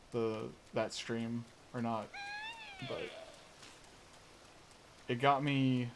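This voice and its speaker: A man's voice: medium pitch, a little hiss or hum. Chatty man streaming a game. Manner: rambling, chatty, many fillers and restarts. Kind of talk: casual live gameplay commentary.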